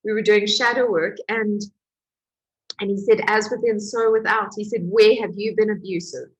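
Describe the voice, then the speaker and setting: A woman who is a healing coach, telling her own story in an emotional, animated way with laughs. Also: mid-range voice, normal speed, slightly rough, highs cut off. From Portugal. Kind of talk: personal testimony to camera.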